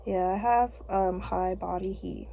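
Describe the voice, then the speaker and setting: A woman's voice: mid-range voice, steady tone, unhurried, vocal fry, dark tone, a little hiss or hum. A young woman vlogging casually while getting her hair done, talking in a rambling way with lots of fillers. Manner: rambling, chatty, with frequent fillers. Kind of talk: casual chat.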